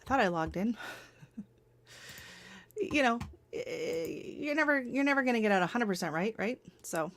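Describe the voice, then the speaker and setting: A woman's voice: fairly high pitch, expressive, moderate pace, pauses often. A middle-aged woman hosting a livestream, giving casual advice in a rambling, chatty way with frequent laughs and self-corrections. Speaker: livestream host.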